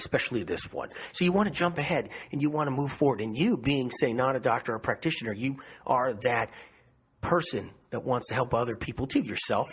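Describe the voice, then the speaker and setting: A man's voice: mid-range voice, slight background noise. A man presenting a health webinar, talking emphatically and repeating himself to press his points home. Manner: emphatic, repetitive, pleading. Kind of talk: impassioned webinar talk.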